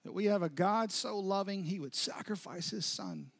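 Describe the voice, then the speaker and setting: High-voiced man preaching a dramatic sermon. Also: very animated, moderate pace, husky. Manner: dramatic storytelling with sudden soft drops and rising intensity. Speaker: pastor.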